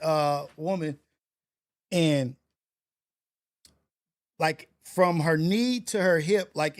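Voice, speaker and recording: A man's voice: on the high side, a little mellow. Slangy man telling a story. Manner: loose, slangy retelling with many fillers and restarts. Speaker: livestream host. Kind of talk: casual storytelling. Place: home setup for a portrait livestream.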